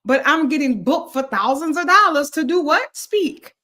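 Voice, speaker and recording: A woman's voice: sits high, lively intonation, normal speed, pushed and bright. A woman who stutters, a guest and motivational speaker, talking earnestly and repeating words as she goes. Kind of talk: casual chat.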